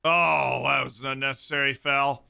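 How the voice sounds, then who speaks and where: Male streamer, young adult, casual live chat with excited bursts; very bright, crisp voice. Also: mid-range voice, moderate pace. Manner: chatty, reacting with sudden excited outbursts. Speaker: streamer hosting a watchalong.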